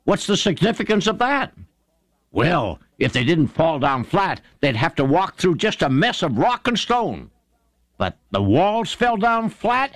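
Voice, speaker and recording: A man preaching a sermon and retelling Bible stories with fervour, rising sharply in pitch to stress points and calling his listeners friends. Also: big pitch swings, a little slow, no echo. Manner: fervent storytelling preacher, swings pitch up for emphasis.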